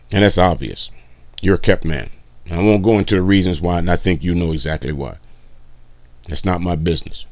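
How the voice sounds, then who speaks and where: Brief: male stream commentator, low voice, dry close sound, mocking and profane, reacting to a clip. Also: creaky, a little mellow, no echo.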